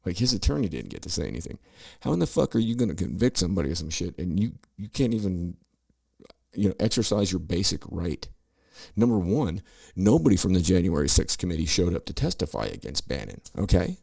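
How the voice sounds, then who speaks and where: Man, middle-aged, podcast host, very low gravelly voice, sarcastic swearing rant. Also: very animated, brisk, darkish tone, no room sound. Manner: ranting, sarcastic, heavy swearing, mocking. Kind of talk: profane political commentary over news clips.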